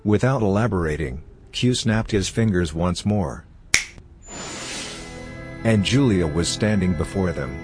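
Man narrating a story, very low voice, steady reading, faint music behind. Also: measured pace, long pauses. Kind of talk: fan fiction audiobook reading.

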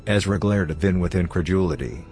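A man reading a story aloud as narrator in a steady, even manner. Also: low voice, a little fast. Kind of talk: fan fiction audiobook reading.

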